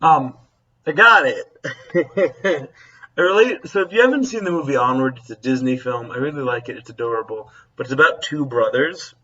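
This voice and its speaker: Speaking at normal speed in a mid-range voice that comes across pushed and bright, a man who works as a teacher chats casually to camera. He rambles, chuckles, and often breaks off to correct himself, recorded from a distance with dull audio.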